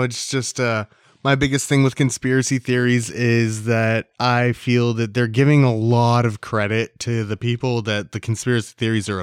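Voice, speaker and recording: A man's voice: medium pitch, clear, resonant tone, no room sound, clean studio sound. A man hosting a solo podcast in a casual, rambling, joking way, swearing now and then and coughing between lines. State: hiccuping and coughing. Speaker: podcast host.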